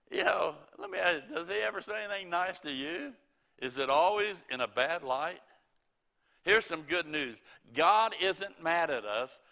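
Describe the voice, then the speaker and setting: A man's voice: a little high, sing-song, unhurried, creaky, pauses often, bright, forceful tone. A middle-aged man preaching a sermon, quoting scripture and telling folksy stories with chuckles.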